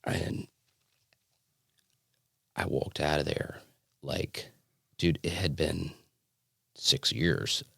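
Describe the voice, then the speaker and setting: A man giving a personal testimony as a podcast guest, telling his story earnestly with halting restarts and fillers. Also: very deep voice, fairly even intonation, vocal fry, a bit bright, no echo, clean studio sound. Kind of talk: personal testimony in a casual interview.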